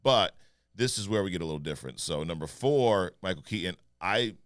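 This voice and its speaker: A man co-hosting a podcast in casual, animated chat, joking and mimicking voices. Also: low voice, brisk, dry recording, clean studio sound. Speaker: podcast co-host.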